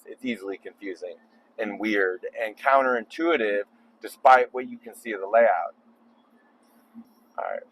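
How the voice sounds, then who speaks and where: A man's voice: mid-range voice, slight background noise, poor audio. A man making a casual video while driving on the freeway at night, rambling with joking asides. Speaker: vlogger.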